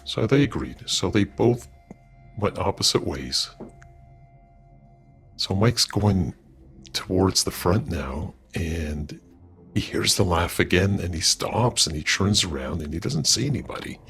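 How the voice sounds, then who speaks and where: A man's voice: low voice, animated, measured pace, a bit bright, faint music behind. A man casually narrating a paranormal story in a loose, conversational way, with fillers and restarts.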